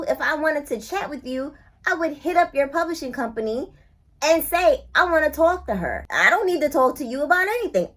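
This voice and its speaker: A woman book reviewer ranting casually on camera, sassy and exasperated, talking straight back at someone. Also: sits high.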